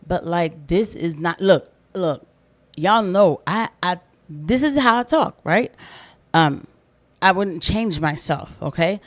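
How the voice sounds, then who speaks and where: A woman hosting casual reaction commentary, animated and slangy, laughing through her asides. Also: lowish voice, slow pace. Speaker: commentary host.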